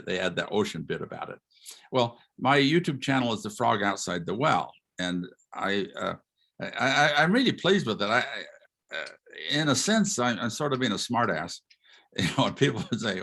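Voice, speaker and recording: An older man, a retired history professor, gives an informal lecture over a video call. He is animated, asks rhetorical questions and chuckles as he talks. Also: medium pitch, moderate pace, gravelly.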